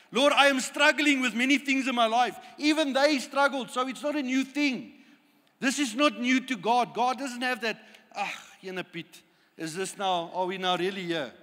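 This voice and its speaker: Impassioned high-voiced preacher. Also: male voice, sharp tone, big-room sound. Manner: impassioned, repetitive prayerful preaching. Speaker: pastor. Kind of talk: sermon.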